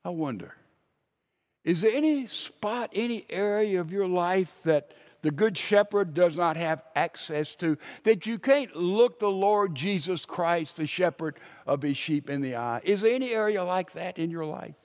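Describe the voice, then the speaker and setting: A preacher with a somewhat high voice tells stories from the pulpit. He swings between loud emphasis and hushed, quiet lines as he builds his point. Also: animated, a little slow. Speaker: pastor. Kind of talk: sermon.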